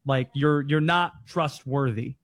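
A man's voice: medium pitch, a little slow, dry recording, studio quality. A man co-hosting a casual podcast, joking and self-mocking. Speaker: co-host.

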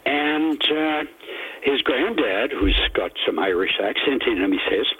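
A man's voice: mid-range voice, animated, measured pace, breathy edge. An older man calling in to a radio show, telling a rambling joke full of digressions. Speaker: caller. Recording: tinny phone line.

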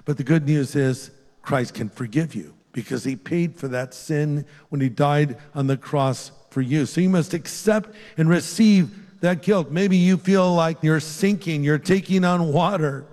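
An older man preaching to a congregation, his slightly high voice carrying a long reverb through a big hall. He pleads earnestly, lifting on the words he stresses and falling quiet and gentle when he turns to prayer. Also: a little slow. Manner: earnest, pleading, lifts his voice on key phrases and drops soft for prayer. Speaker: pastor. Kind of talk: sermon closing in an altar-call prayer. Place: large church hall with a live congregation.

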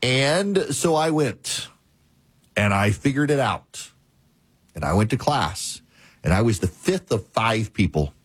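A male talk show host telling a story and giving commentary in a measured, repetitive cadence. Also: medium pitch, animated, husky, no room sound.

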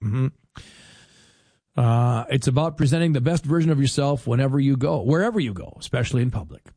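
A man's voice: medium pitch, expressive, a little fast, dark tone, no echo. Chatty wry man, dry close sound. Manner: chatty, wry, acts out little scenes in put-on voices. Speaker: radio host. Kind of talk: casual talk-show monologue.

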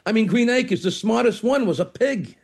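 Gravelly high-pitched Brooklyn man. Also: normal speed. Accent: New York (Brooklyn). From Brooklyn, New York. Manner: animated storyteller, acts out quoted voices. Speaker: comedian guest. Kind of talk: casual interview chat.

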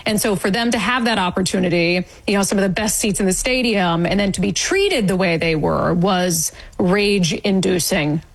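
A woman guest recounting an event in an interview, indignant and animated, acting out quoted remarks. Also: medium pitch, moderate pace, hardly any pauses, husky, low-quality recording. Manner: indignant, storytelling with quoted asides. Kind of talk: animated eyewitness account.

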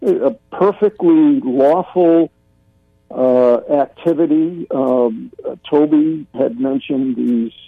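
Slow-talking male caller on a phone line. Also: a little high, very animated, creaky, breathy edge, dry recording. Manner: slow, deliberate, halting with uhs. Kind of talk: phone-in commentary.

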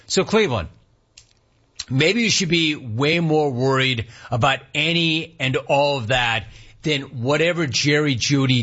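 A man's voice: medium pitch, a bit bright, slightly rough. A man hosting a sports talk show, ranting with rhetorical questions and reading out chat comments. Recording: dull lo-fi sound.

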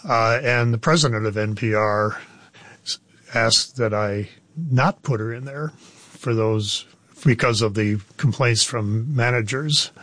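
A man's voice: mid-range voice, fairly bright tone, no room sound. Matter-of-fact man recalling. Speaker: former radio producer. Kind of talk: interview recollection.

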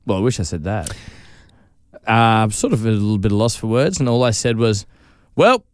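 A man co-hosting a radio show, telling a story with animated quoted voices. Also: on the low side, brisk, dry recording, clean studio sound. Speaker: radio co-host. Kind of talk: casual radio banter.

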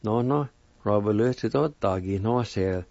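A man hosting, slowly introducing the storyteller to his audience. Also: lowish voice, vocal fry, a little mellow, no room sound. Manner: slow, welcoming introductions. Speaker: host. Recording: dry, dull lo-fi recording.

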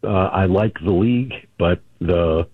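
A man's voice: sits low, unhurried, slightly rough, no room sound. A man calling into a radio show, hesitant and full of fillers, then argumentative. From Chicago area. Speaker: caller. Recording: muffled phone line.

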